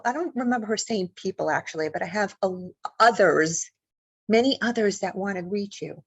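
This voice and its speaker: An author and paranormal investigator tells a personal story in an interview, her medium-pitched, slightly rough voice a little fast in a muffled recording with no echo. She delivers it vividly and emotionally, acting out what people said.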